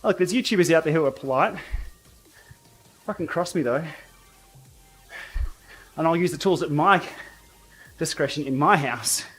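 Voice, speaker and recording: A man's voice: on the high side, expressive, a bit bright, slightly rough, soft background music. Blunt man on a livestream. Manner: blunt, outspoken, quick to laugh. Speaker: cycling YouTuber and livestream host. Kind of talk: casual livestream chat while riding. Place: home indoor training room.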